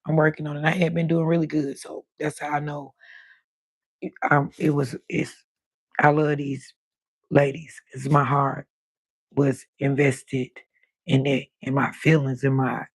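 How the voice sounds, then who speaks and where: A woman in her fifties chatting on a livestream as host, telling animated stories with plenty of cussing. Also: low-pitched, a little slow, pauses often, slightly rough, no echo. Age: 50s. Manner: chatty, animated storytelling with cussing and quoted voices. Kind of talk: casual livestream chat.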